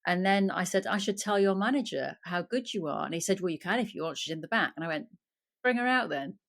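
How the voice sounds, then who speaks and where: A middle-aged woman hosting a casual interview, chatty and lively, acting out dialogue as she tells stories. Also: on the low side, quick pace. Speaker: podcast host.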